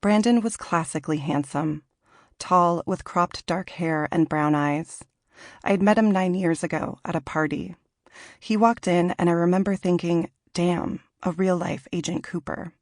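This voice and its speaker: A woman in her late thirties from Washington in the Pacific Northwest, reading her own memoir aloud in a measured, reflective way. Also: on the low side, no room sound, studio quality. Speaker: author narrating her memoir. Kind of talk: audiobook memoir narration.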